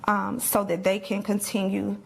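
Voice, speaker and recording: A woman's voice: medium pitch, completely flat delivery, normal speed, vocal fry. A woman speaking in a news interview as a parent, pained and careful in her words.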